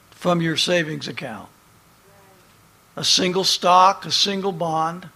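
A man preaching a sermon as pastor, reading scripture in slow, emphatic phrases. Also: sits high, a bit bright.

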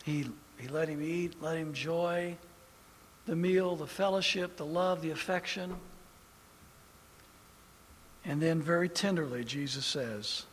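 A man preaching a sermon as pastor, animated and swinging from loud emphasis to hushed tones. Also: a little high, unhurried, pauses often, in a large hall, slight background noise.

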